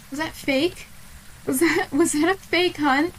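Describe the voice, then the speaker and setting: A woman's voice: high-pitched, a little slow, slight background noise, poor audio. A woman streaming a game live, talking to herself and repeating the same questions aloud, easily startled into swearing.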